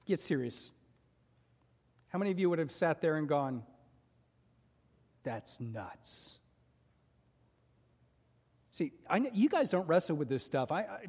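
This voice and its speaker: Pastor preaching animatedly in a reverberant hall. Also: male voice, a little high. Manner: animated storytelling with voiced quotes. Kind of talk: sermon.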